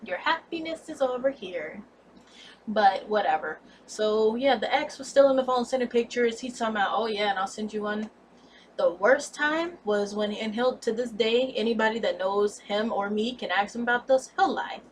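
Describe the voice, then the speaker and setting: Expressive young woman telling a story. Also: on the high side, normal speed, distant mic, slight background noise. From United States. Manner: candid, blunt, expressive retelling with cursing. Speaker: vlogger. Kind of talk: storytime vlog.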